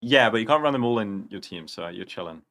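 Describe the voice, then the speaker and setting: Young man, gravelly, lowish voice, rambling casual stream chat, gamer slang. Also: expressive, fast, a bit bright. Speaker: livestream host.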